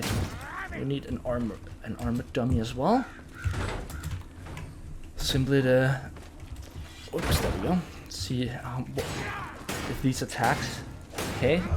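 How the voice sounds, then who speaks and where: A man giving casual gameplay commentary as a channel host, thinking aloud, getting excited and swearing now and then. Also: medium pitch, background noise.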